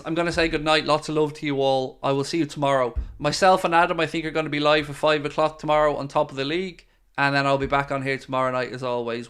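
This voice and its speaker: Chatty Irish man, smooth voice. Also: fairly high pitch, a bit bright. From Ireland. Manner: chatty, opinionated, answers viewer questions. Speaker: host of a fan channel live stream. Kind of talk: casual live Q&A chat.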